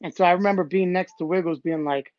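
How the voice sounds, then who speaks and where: A man guest recounting old stories in a casual, animated way, acting out what others said. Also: sits high, fast talker, no room sound. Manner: animated, acts out quotes from others. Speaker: interview guest, b-boy. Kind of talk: casual storytelling. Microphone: phone or call audio. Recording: dull, dry call audio.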